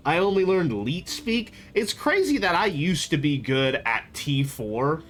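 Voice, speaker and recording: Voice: mid-range voice, fairly bright tone, a little hiss or hum. A young adult streamer chatting casually on a live stream, in a rambling, playful way. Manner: rambling, playful, jumps between topics.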